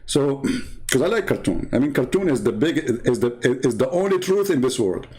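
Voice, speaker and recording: A man's voice: medium pitch, sing-song, moderate pace, a little mellow. A male host who is not a native English speaker tells a story in a joking, rambling way, packed with "you know" fillers. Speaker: channel host.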